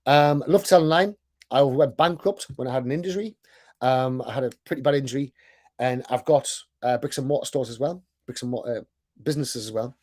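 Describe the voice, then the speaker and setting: A man's voice: medium pitch, brisk, a little mellow. A man with a thick accent gives a casual sales presentation, chatty and self-deprecating, often checking in with "right?". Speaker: online sales coach and business owner.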